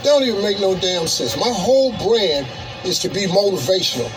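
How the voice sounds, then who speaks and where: A man's voice: high voice, sing-song, brisk. A man in his sixties giving a blunt, exasperated selfie-video apology in casual slang. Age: 60s. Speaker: public figure addressing fans. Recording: video clip with loud music behind.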